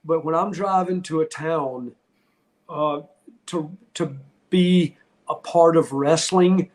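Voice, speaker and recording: Middle-aged man, podcast guest; candid, rambling storyteller with a slightly high voice. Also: slow, darkish tone. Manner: candid, rambling, heartfelt, with frequent restarts. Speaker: podcast guest, retired wrestler. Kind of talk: casual interview storytelling.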